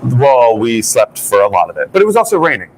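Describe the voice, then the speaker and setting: A man's voice: medium pitch, wildly swooping pitch, a little fast, poor audio. A man co-hosting a morning talk show, telling stories in a chatty, playful way. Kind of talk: casual chat.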